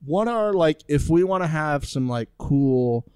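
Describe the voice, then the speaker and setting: A man hosting a casual chat show, joking loudly and swearing freely. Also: a little high, animated, unhurried, clear, resonant tone, dry recording, clean studio sound. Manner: loud, jokey, swears freely. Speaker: podcast host.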